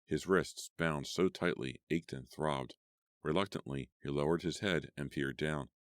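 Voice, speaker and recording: A man narrating a horror audiobook in a steady, measured storytelling voice. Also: rumbling low, dry recording, studio quality.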